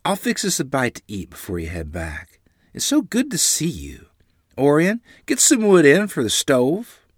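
A man reading a storybook, voicing a gentle, cheerful young pioneer mother in a raised, husky voice. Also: a little high, huge pitch swings, normal speed, dry recording, studio quality, pitched above the performer's own voice, heavily acted. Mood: warm. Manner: soft, caring, cheerful.

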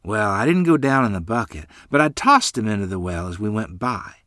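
Brief: man narrating a memoir, animated pitch, dry close sound. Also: a little fast, dry recording. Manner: lively storytelling. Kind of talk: reading a memoir story aloud.

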